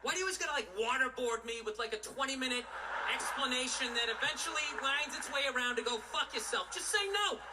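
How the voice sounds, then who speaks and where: A man's voice: very high-pitched, fast talker, far from the mic, noisy background. A man doing a stand-up comedy routine, ranting and exasperated, with plenty of profanity.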